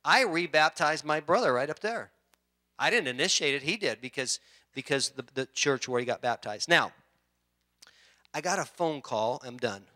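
A middle-aged male pastor gives a sermon in a bright, forceful voice set a little high. He talks in a loose, conversational way, restarting sentences and clearing his throat now and then. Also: lively intonation, moderate pace.

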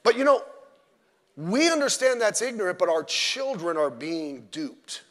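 A middle-aged man preaching a sermon as pastor, animated and digressive, with joking asides. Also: sits high, measured pace. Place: church sanctuary. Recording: long church-hall reverb.

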